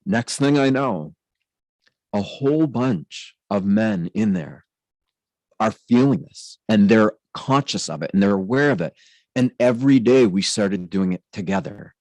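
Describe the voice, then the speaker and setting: A man's voice: on the low side, a little mellow, no echo, rough recording. A man giving an earnest personal testimony in spiritual terms, speaking intensely as the host of his own channel.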